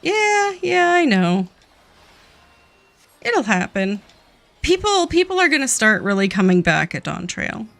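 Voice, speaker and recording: A woman streamer chatting casually with friends while gaming, easygoing and quick to laugh. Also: high-pitched, very animated, gravelly, a bit bright, dry recording.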